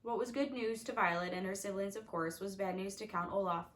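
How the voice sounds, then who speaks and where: A woman's voice: medium pitch, fairly even intonation, brisk, rough recording. A woman narrating a storybook with wry, confiding asides to the reader. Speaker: audiobook reader.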